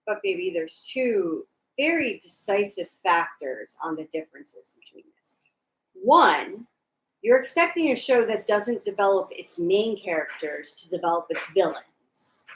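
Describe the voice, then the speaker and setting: A woman's voice: medium pitch, sing-song, measured pace, reverberant, poor audio. A woman co-hosting a casual chat about a TV show, teasing and arguing her point. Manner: teasing, argumentative. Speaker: podcast co-host.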